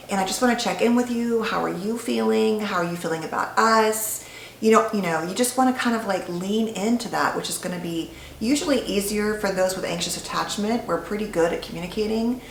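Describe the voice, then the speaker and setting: A woman's voice: on the low side, slight background noise. A woman psychologist giving an educational talk straight to the viewer, conversational and explanatory. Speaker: licensed psychologist. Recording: echoey room with faint ambience.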